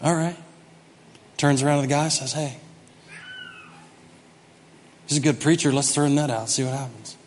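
A man preaching a sermon, acting out the story and swinging from quiet asides to shouted lines. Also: mid-range voice, fairly even intonation, a little fast, long reverb tail, slight background noise. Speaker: pastor.

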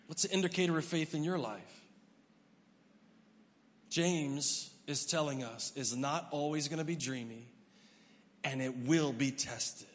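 A middle-aged male pastor giving an emphatic sermon, swinging from loud to hushed. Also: a little high, measured pace, pauses often. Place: church hall. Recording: long hall reverb.

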